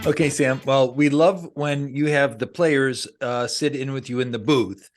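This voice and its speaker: A man's voice: medium pitch, steady tone, measured pace, loud music behind the voice. A man hosting a casual podcast interview, laughing often and giving short, encouraging replies. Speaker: podcast host.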